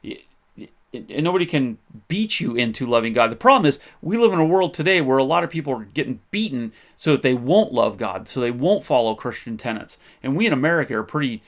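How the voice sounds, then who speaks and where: A man's voice: medium pitch, expressive, brisk. A man hosting a faith podcast, talking in an impassioned, conversational way with frequent restarts. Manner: impassioned, gets fired up. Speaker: podcast host. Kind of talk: faith-based history commentary.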